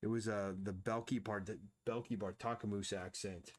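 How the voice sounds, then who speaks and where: Guy with a lowish voice chatting loosely while he sketches on stream, lots of restarts. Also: steady tone, moderate pace. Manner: rambling, thinks aloud, frequent restarts. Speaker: artist streaming his drawing. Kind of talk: casual live-stream commentary while drawing.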